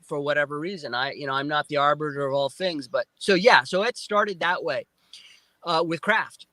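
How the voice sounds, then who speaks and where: A man telling a story as a guest, excitable and animated, acting out sounds and quoting himself. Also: a little high, moderate pace, dry recording. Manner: excitable, acts out sounds and quotes.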